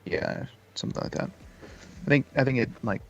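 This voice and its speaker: A man's voice: medium pitch, fairly quick, highs cut off. A man playing a tabletop game, talking hesitantly and thinking aloud. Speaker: player.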